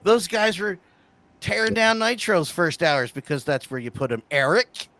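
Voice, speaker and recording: A man co-hosting a casual wrestling talk show, heated and swearing, swinging from loud to quiet. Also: high voice, lively intonation, moderate pace, no room sound. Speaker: podcast co-host.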